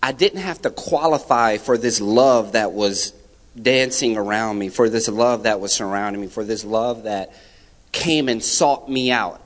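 A young man giving a personal testimony at church, telling his story with lively, animated delivery and acting out the people he quotes. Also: fairly low pitch, measured pace. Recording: hall reverb.

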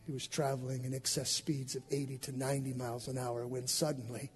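A male pastor preaching an impassioned sermon with an altar call, swinging from hushed lines to shouted ones. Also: medium pitch, flat delivery, a little fast, faint music behind.

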